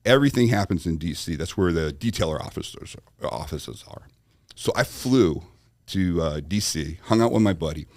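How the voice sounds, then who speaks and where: A man on a podcast as guest, telling a story with animated asides and acted-out quoted voices. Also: sits low, moderate pace, dry recording, clean studio sound. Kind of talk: storytelling in conversation.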